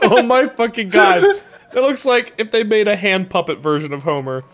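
A man's voice: high voice, a bit bright, soft background music. A man chatting while playing a party game with friends, drawling and giggling a lot. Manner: drawling, giggly, slow-spoken. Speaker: gaming guest. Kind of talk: casual gaming banter.

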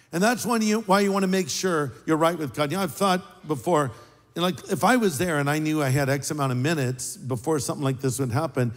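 A pastor delivers a sermon in a loose, joking, conversational way, his somewhat high voice jumping up for emphasis. The sound carries a long reverb from a large hall. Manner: conversational, joking preacher with lively pitch swings.

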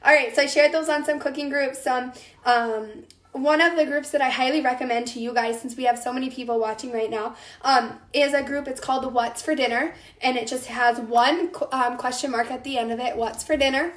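A woman's voice: high-pitched, steady tone, fairly quick, reverberant. A young woman from the Midwest hosting a casual cooking live stream, chatting with viewers while her voice recovers from an illness. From American Midwest. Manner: chatty, addresses viewers by name.

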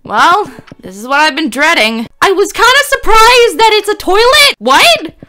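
Woman gamer, very lively high delivery, panics and screams easily during a horror playthrough. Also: moderate pace. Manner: excitable, screams and talks to objects. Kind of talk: horror game commentary.

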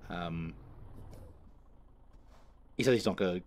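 Lowish-voiced man swearing through a gaming anecdote. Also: takes it slowly. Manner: profane, rambling anecdote teller; self-correcting, laughs through his story. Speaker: gaming video creator. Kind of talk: casual gameplay commentary with storytelling.

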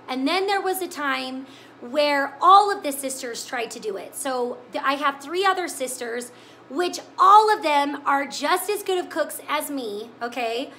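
A woman's voice: sits high, animated, unhurried, sharp tone, slight background noise. A woman hosting a live cooking stream, chatting with viewers in an emotional, tearful way. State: crying. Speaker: cooking show host. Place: home kitchen.

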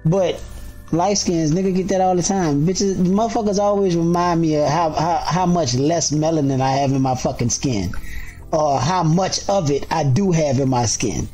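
A man co-hosting a podcast, talking loud and profane in casual chat, telling animated stories. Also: a little high, moderate pace, faint music behind. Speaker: podcast co-host.

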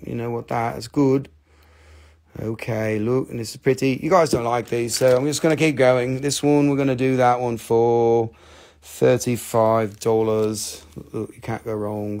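Gravelly joking man hosting a live sale. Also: mid-range voice. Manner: joking, rambling and profane; animated, breaks into playful put-on voices. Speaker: host selling crystals on a live stream. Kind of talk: casual live sales chat.

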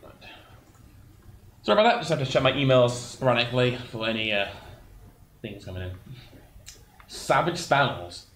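A man's voice: medium pitch, lively intonation, normal speed, pauses often, a bit bright, roomy sound, a little hiss or hum. A man co-hosting a gaming livestream, chatting casually and hesitantly while reading the chat aloud.

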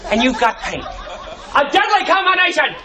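A man playing an excitable pitchman in a demo clip, exclaiming theatrically. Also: normal speed. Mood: dramatic. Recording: distant clip in a big noisy hall. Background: loud music and crowd.

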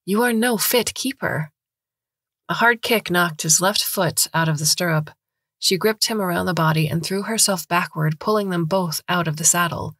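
A woman narrating a short story in a measured, scripted reading. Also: lowish voice, fairly bright tone, dry recording, studio quality.

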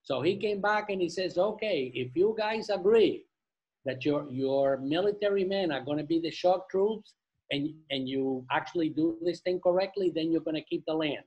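A husky man reads scripture aloud to his study group. His voice sits a bit high, and he takes the passages slowly, tripping over the names and stopping for joking asides. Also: a little mellow, lo-fi sound. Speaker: Torah study participant reading scripture. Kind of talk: reading aloud and group discussion.

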